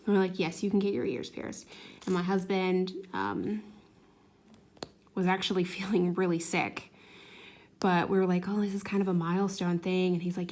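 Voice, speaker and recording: A woman in her thirties chats through a long personal story while she works on a craft at home. Her voice sits at a middle pitch, and she slips into the voices of the people she quotes. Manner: chatty, animated retelling with voiced quotes. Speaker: craft vlogger.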